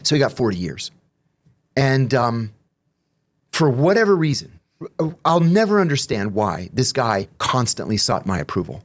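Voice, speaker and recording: Animated man swapping profane stories. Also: medium pitch, normal speed. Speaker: guest. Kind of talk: casual storytelling.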